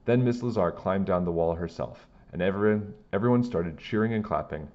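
A man reading a children's chapter book aloud with plain, steady storytelling. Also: deep voice, a little fast, highs cut off.

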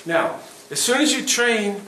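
A middle-aged man teaching a self-defense workshop, plain and practical, asking the class quick questions. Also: high-pitched, lively intonation, pushed and bright. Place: event hall. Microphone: distant room mic. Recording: echoey hall from far off, faint noise.

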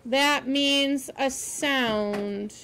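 Woman with a high voice reading to kids, patient, stops to explain words. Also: drawn-out words, fairly bright tone, a little hiss or hum. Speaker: reader teaching children.

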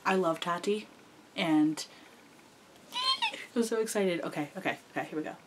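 A young woman vlogger gushing excitedly as she unboxes gifts, full of "like" fillers. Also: fairly low pitch, moderate pace, noisy background. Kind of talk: gift unboxing chat.

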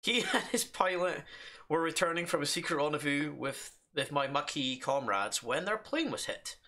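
A man's voice: a little high, lively intonation, normal speed, sharp tone. A man reading aloud a female French resistance liaison in an exaggerated fake French accent, mock-serious.

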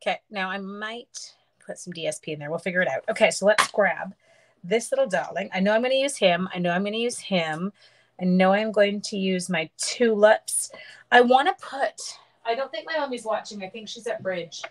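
A woman's voice: medium pitch, moderate pace, low-quality recording. A middle-aged woman casually demonstrating card making on a live stream, chatting and greeting viewers by name as she works.

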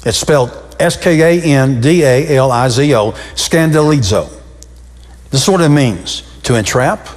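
A male pastor preaching a sermon, his voice leaping up and dropping low with sudden changes of pace. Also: expressive, measured pace. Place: church sanctuary. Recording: long reverb of a church hall.

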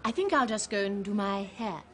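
A woman's voice: medium pitch, expressive, brisk, very noisy, close to an everyday voice. A woman playing a gushing party hostess who introduces her guests in a sing-song manner.

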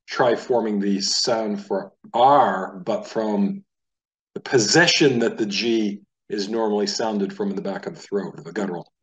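A man from the United States teaching a casual Hebrew lesson, talking in a relaxed, conversational way and sounding out letters aloud. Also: on the low side, far from the mic, rough recording.

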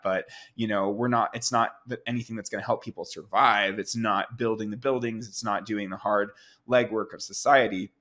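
Low-voiced man telling stories. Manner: relaxed, rambling, many fillers. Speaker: guest artist. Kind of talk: casual storytelling interview.

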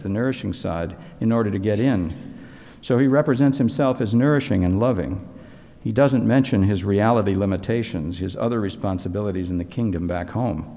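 A man giving an evening lecture, explaining in a measured way and retelling a fairy tale. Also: lowish voice, dark tone, long reverb tail.

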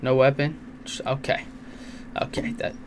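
A young man giving casual, crude, jokey let's play commentary on a horror game, swearing often and reacting loudly. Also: medium pitch, flat delivery, unhurried, a little hiss or hum. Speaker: gaming channel host.

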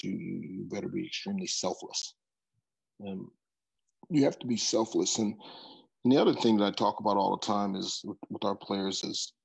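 A man's voice: low-pitched, vocal fry, a little mellow, breathy edge, poor audio. A middle-aged man, a football coach, telling stories in an interview, often repeating words as he starts a sentence. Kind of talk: interview storytelling.

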